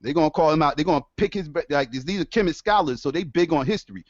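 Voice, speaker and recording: A man ranting on his stream in a casual, profane, animated way, laughing often. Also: a little high, fast, no room sound. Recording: dull lo-fi dry sound.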